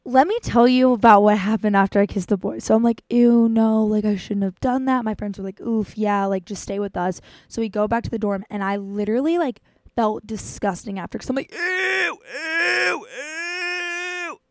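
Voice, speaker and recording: A woman's voice: mid-range voice, fairly even intonation, fairly quick, darkish tone, no echo, clean studio sound. A young woman hosting a casual talk, chatting playfully and acting out little voices as she gives dating tips. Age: young adult. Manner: chatty, playful, acts out voices of boys and friends. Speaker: host giving dating tips. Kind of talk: casual chat.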